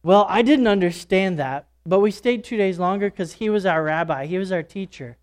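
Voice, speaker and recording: A man's voice: high voice, normal speed. A man giving a first-person dramatic monologue as a disciple, speaking as a church speaker in a casual, folksy storytelling way with fillers and asides. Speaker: church speaker retelling a Bible story in character.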